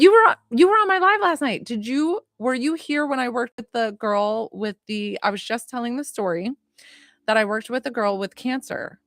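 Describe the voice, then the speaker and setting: A woman hosting a psychic livestream, chatting casually and excitedly, rambling and greeting viewers by name while still catching her breath. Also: medium pitch, vocal fry, no room sound, studio quality. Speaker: psychic medium livestream host.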